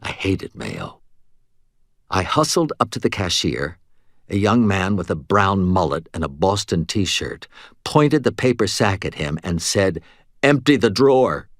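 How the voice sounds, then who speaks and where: Casting: male audiobook narrator, low voice, very expressive, dry close sound. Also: unhurried, dry recording. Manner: wry, conversational storytelling. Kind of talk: first-person novel narration.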